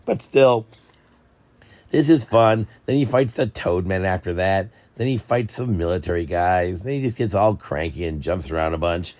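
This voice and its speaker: Sitting low in pitch and moving at normal speed, this book channel host is a young man who chats casually. His storytelling is lively, meandering and full of jokes.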